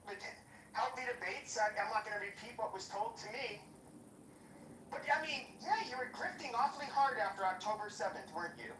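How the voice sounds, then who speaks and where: A woman's voice: on the high side, sharp tone. Woman ranting profanely in a roomy distant mic. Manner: profane, mocking, confrontational. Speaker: podcast host. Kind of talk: heated call-out rant. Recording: roomy, distant, faint noise.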